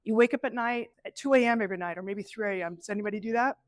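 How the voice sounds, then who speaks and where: A middle-aged woman presenting a live workshop, animated and conversational, acting out inner voices as she teaches. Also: mid-range voice, rapid-fire, no room sound. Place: event space with an audience.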